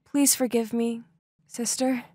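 A woman voicing a young woman who apologizes softly to her new stepsister in a storybook narration. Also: fairly high pitch, steady tone, slow pace, no room sound, studio quality. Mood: remorseful.

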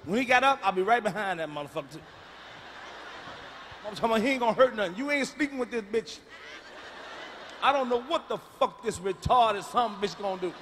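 A middle-aged man working a stand-up crowd, blunt and profane, with a high and cutting voice. His punchlines come out booming. The sound is a live stage mic with a long hall reverb and a faint murmur behind it. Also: expressive, fairly quick, long pauses, a bit bright, a little hiss or hum. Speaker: stand-up comedian. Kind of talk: stand-up routine. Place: large concert venue.

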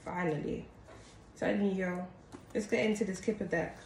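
Here a tarot reader with a lowish voice talks at normal speed through a relaxed reading for her viewers. She's chatty and frequently calls them "guys," and the recording has an echo and constant background noise.

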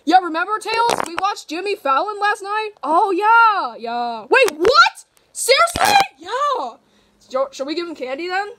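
A woman hosting a toy play video and narrating it in an excitable way, with shrieks and gasps. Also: very high-pitched, noisy background. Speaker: channel host.

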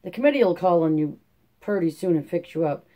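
A man's voice: high voice, expressive, brisk. A man voicing a stern, proud elderly male camp caretaker with a rural drawl. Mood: proud, kindly. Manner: rural drawl, gruff then softening.

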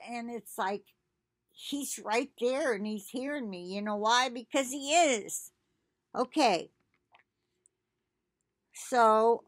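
A woman reading devotional messages aloud at home in a slow, earnest way, breaking off for chatty asides. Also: a little high, fairly bright tone, no echo, clean studio sound. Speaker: devotional video host.

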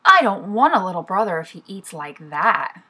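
A woman voicing a stubborn, sulky little boy tiger cub in a children's storybook reading, with a high, whiny child voice. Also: sing-song, moderate pace, bright, forceful tone, slightly rough, heavily acted.

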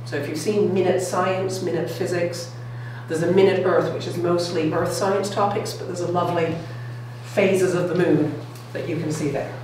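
A woman's voice: on the low side, steady tone, normal speed, darkish tone. A middle-aged woman giving a public science lecture, enthusiastic and often checking in with her audience. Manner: enthusiastic, keeps checking in with "okay?" and "all right?". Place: lecture room. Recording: echoey room, distant mic, faint noise.

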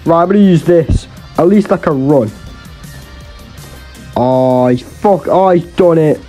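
A man's voice: fairly high pitch, a little slow, mellow, soft background music. A young man giving swearing, exasperated, jokey commentary over his own gameplay. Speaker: gaming YouTuber.

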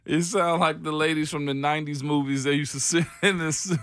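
A man's voice: on the high side, steady tone, fairly quick, a bit bright, clean tone, no echo, clean studio sound. Laughing, joking male radio co-host. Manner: joking, laughs often, loose slangy talk. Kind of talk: casual sports radio banter.

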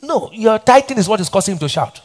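A middle-aged Nigerian man preaches a sermon as pastor in a church hall, his high voice fast and expressive. Lines get repeated, and questions are flung back at the congregation in call-and-response style.

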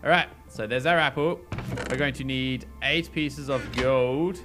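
A man giving casual let's-play commentary as a gaming host, excitable and talking to the characters on screen. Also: mid-range voice, unhurried, over music. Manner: excitable, talks to game characters. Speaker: gaming YouTuber.

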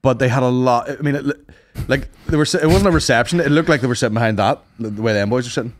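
A man's voice: medium pitch, very fast, a little hiss or hum. A man co-hosting a podcast, telling rambling, sweary anecdotes in casual chat and acting out what people said. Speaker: podcast co-host.

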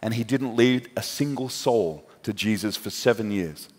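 A man's voice: fairly low pitch, normal speed. A man preaching a sermon, telling a story dramatically and acting out the people in it. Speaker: pastor. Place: large church hall. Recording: long hall reverb.

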